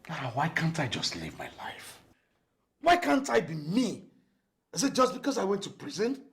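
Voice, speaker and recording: A bitter ex-convict brother. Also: male voice, medium pitch, sing-song, normal speed, a bit bright. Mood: anguished. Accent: Nigerian English. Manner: pleading outbursts dropping to tense whispers. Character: frustrated young ex-convict man, bitter and defensive.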